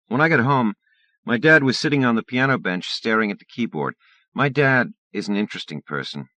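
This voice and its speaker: A man narrating a first-person short story for an audiobook in a lively, expressive way. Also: medium pitch, fairly quick, dry recording.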